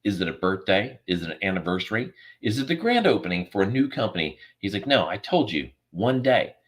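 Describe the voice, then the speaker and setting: A man's voice: on the low side, sing-song, a little fast. A man guest on a podcast over a video call, telling an earnest, emotional story and acting out the dialogue. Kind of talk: storytelling in a remote interview.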